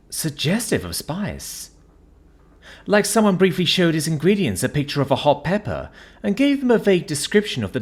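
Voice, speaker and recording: A man narrating a science fiction story in an expressive, animated way. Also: a little high, husky.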